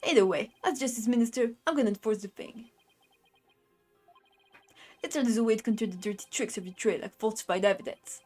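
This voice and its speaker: A woman's voice: fairly high pitch, fairly quick, pauses often, darkish tone, soft background music, natural voice. A woman voicing a blustering middle-aged male tough-guy official in a put-on Brooklyn accent, barking lines and tagging them with "see?". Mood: gruff, menacing. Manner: gruff gangster bluster, tags lines with "see?".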